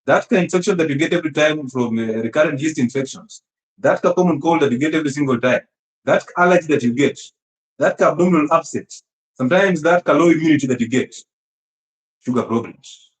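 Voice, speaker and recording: A man giving an animated health talk, emphatic and teasing, often laughing and throwing rhetorical questions at his listeners. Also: a little high, a little fast. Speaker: health speaker. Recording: echoey room.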